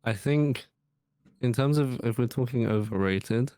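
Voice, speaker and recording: A man's voice: mid-range voice, measured pace, dark tone, no room sound. A young man co-hosting a podcast, chatting in a laid-back, agreeable way. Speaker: podcast co-host. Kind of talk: casual chat.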